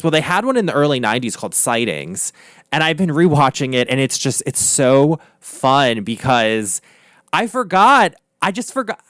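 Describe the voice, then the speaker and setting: A man chatting casually and profanely on his vlog, gossipy and full of animated asides. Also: a little high, smooth, no room sound, studio quality. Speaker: vlogger, artist. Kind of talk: casual chat. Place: home art studio.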